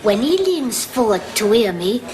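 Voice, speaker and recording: An actress playing a tiny, fearless French waitress in a sitcom, with a mock French accent and shrill, theatrical threats. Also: female voice, sing-song, moderate pace. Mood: fierce. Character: tiny fierce French waitress, reckless and violent. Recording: old TV sitcom audio with studio audience and noise.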